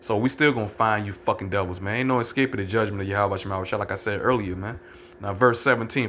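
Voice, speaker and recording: A man preaching fiercely and profanely, ending nearly every phrase with "man" and slowing down to read scripture verses aloud. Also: fairly low pitch, fairly bright tone. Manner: reads scripture verses slowly and deliberately. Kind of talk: fiery street-style preaching with scripture reading.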